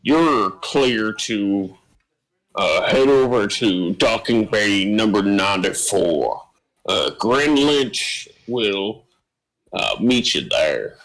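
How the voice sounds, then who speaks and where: A man voicing a gruff male spaceport docking controller who talks slowly and hesitantly over the radio. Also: fairly low pitch, animated, fairly bright tone, pitched below the performer's own voice, exaggerated voice, poor audio. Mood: businesslike.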